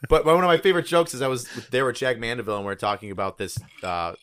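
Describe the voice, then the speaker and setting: A man guesting on a podcast, trading crude jokes in casual banter, dropping to low mutters and then ranting loudly. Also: racing, smooth, no echo, studio quality. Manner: swings from low mutters to loud excited rants.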